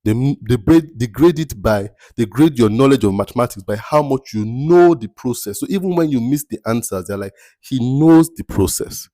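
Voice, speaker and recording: A man's voice: medium pitch, expressive, a little fast, hardly any pauses, mellow, no echo. A man giving a motivational talk as a mentor, emphatic and rhetorical, repeating his key phrases. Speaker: mentor giving life advice.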